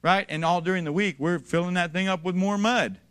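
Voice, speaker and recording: Bright-voiced emphatic male preacher. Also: sits high, brisk, smooth. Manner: preachy, emphatic, builds to raised declarations. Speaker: pastor. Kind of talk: sermon.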